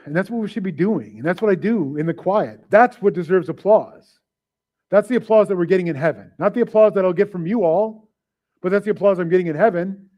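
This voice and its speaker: A man's voice: sits high, brisk, highs cut off. A man preaching a sermon as pastor, casual and joking, often acting out little voices and asides. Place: church service.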